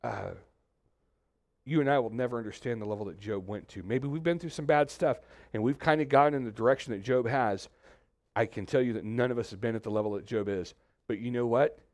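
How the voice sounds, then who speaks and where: Pastor guy giving a loose chatty sermon, talks over himself, voice dry and close, middle pitch. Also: fairly quick, no echo. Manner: animated, acts out voices in quotes, many restarts. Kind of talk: conversational sermon. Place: church suite, indoors.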